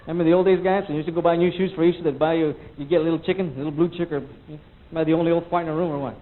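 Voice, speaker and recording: A middle-aged man doing a cranky, animated stand-up routine on a club stage, recorded on an old VHS tape. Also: a little high, very fast, phone-quality sound. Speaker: stand-up comedian.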